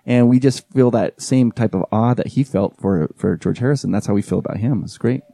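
A man's voice: fairly low pitch, brisk, gravelly, no room sound. A man in his forties, a podcast guest and event emcee, telling a story in casual chat and acting out the lines of the people in it. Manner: animated storyteller who acts out quoted dialogue.

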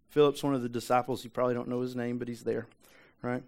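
A man's voice: mid-range voice, little pitch movement, fast, hardly any pauses, a little mellow. Male pastor, casual conversational sermon, repeats for emphasis, fires off rhetorical questions.

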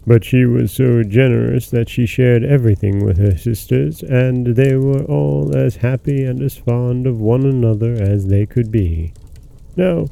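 Gravelly, warm-toned storyteller man. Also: medium pitch. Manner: measured, expressive storytelling. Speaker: storyteller host. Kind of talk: scripted fairy tale narration.

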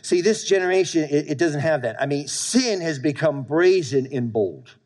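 Man, pastor, sermon, emphatic, slightly raised pitch. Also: lively intonation, normal speed, few pauses, a little mellow. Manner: emphatic preaching, repeating lines and calling for amens.

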